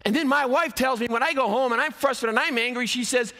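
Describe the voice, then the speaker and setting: A man's voice: very high-pitched, fast talker, pushed and bright. A man in his fifties preaching an emphatic chapel sermon, swinging his voice up and down for effect. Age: 50s. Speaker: college athletic director and speaker. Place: large college chapel. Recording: long hall reverb.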